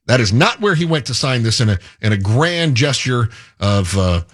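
Male talk radio co-host, husky, lively sarcastic delivery. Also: medium pitch, moderate pace. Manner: sarcastic, joking. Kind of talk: casual political banter.

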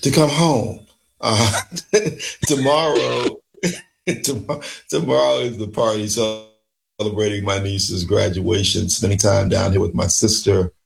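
Gravelly joking male radio host. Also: lowish voice, fairly even intonation, takes it slowly, slight background noise. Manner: joking, easygoing. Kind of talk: casual morning show banter.

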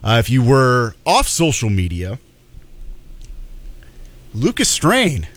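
A young man hosting a casual sports radio show, rambling and restarting his sentences. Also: medium pitch. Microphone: studio microphone.

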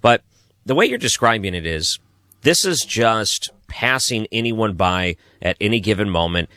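A man's voice: fairly low pitch, expressive, moderate pace, pushed and bright, no echo, clean studio sound. A man hosting an interview, reacting to his guest in a conversational, empathetic way. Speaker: host.

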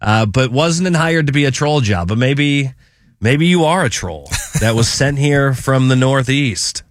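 A man's voice: mid-range voice, measured pace, dry recording, studio quality. A man with a Midwestern accent hosting a casual sports talk radio show, rambling a little with plenty of fillers. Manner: relaxed, rambling, frequent fillers. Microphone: studio mic.

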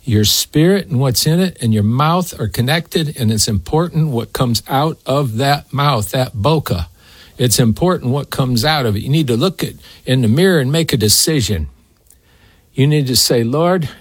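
A male preacher delivering a folksy, emphatic sermon at a middle pitch. His voice is close and dry, with no room sound around it. He leans into key phrases and slows down to drive them home. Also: husky, dry recording. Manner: folksy, emphatic, talks to co-host by name.

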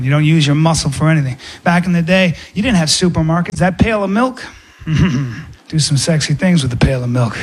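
A man's voice: a little high, a little hiss or hum. A man doing stand-up, riffing in a rambling way with bursts of emphasis. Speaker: stand-up comedian.

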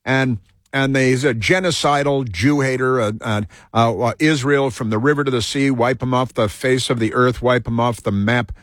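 Dry, halting male talk show host. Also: mid-range voice, fairly even intonation, no room sound. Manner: halting, full of fillers and restarts. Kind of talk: rambling political talk monologue.

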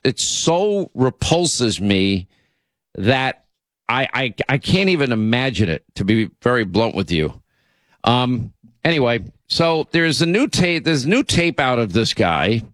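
A man's voice: mid-range voice, a bit bright, no echo, clean studio sound. A man hosting a talk radio show, delivering an indignant opinion monologue full of restarts and asides. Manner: indignant, repeats himself, frequent uh and you know.

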